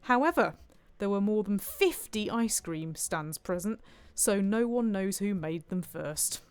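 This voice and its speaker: A woman's voice: medium pitch, lively intonation, measured pace, darkish tone, clean tone, no echo, soft background music. A woman streaming a cooking game, chatting playfully and reading viewer comments aloud. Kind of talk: casual gameplay commentary.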